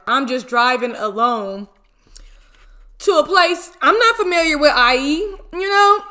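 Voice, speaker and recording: A woman in her twenties telling a story casually while eating, animated and full of slang and exclamations. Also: high voice. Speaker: mukbang vlogger.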